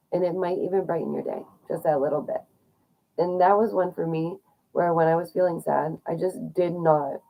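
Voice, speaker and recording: A woman's voice: low voice, gravelly, mellow, rough recording. A young woman talking casually to her viewers, chatty and encouraging, often laughing between points. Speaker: vlogger. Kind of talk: casual talk to viewers about loneliness.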